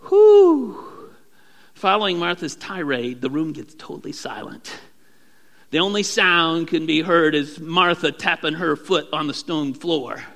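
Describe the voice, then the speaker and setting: A male pastor preaching a sermon, acting out prayers in a raised, animated voice. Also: on the high side, moderate pace, creaky, in a large hall.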